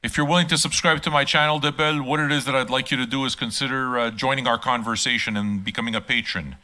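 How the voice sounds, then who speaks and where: Bright-voiced older man ranting playfully. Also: mid-range voice, fairly even intonation, fast. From Quebec. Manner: profane, teasing, rants loudly at times. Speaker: channel host. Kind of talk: casual live-stream monologue.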